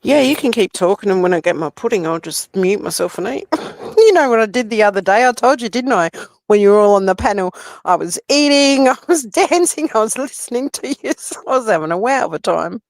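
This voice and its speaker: A woman's voice: medium pitch, animated, fairly quick, gravelly, dry recording. Woman, casual livestream chat, giggly, rambling, slangy, dry sound. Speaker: livestream co-host.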